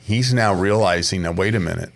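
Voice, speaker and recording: Very deep gravelly-voiced man. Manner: measured, reflective, many fillers. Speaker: podcast co-host. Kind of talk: casual chat.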